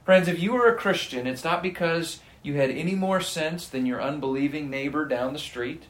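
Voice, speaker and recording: A man's voice: a little high, moderate pace, fairly bright tone. A man preaching a sermon, earnest and emphatic, reading scripture aloud and pressing his points. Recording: echoey room.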